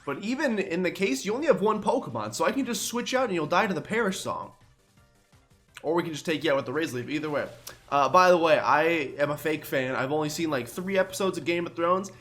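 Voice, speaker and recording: A man's voice: on the high side, lively intonation, quick pace, a bit bright, faint music behind. A young man hosting a game let's play, chatting in a rambling, self-deprecating way while groggy from just waking up. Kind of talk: casual gameplay commentary.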